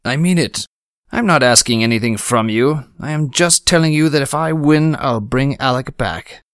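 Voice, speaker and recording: Male actor as dark lord, audio fiction: measured, formal, calm menace; mid-pitched male voice, dry close read. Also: clean tone, dry recording, natural voice. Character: the Lord of Dark, cool calculating male sorcerer. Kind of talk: audiobook character reading.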